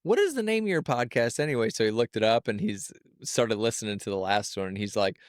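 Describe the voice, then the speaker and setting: A man's voice: medium pitch, lively intonation, fast talker, dry recording, clean studio sound. A young adult man co-hosting a podcast in casual chat, laid-back and agreeable, telling anecdotes. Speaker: podcast co-host.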